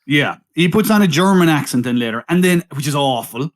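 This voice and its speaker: A man's voice: on the high side, expressive, fairly quick. A man co-hosting a podcast, steering a casual film chat with wry remarks and laughing along. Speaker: podcast co-host.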